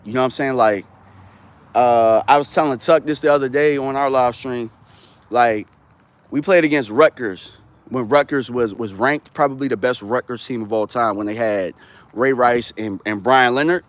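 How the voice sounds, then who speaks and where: A man talking football on a casual live stream, animated and rambling, full of slang. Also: mid-range voice, moderate pace, no room sound. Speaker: sports streamer.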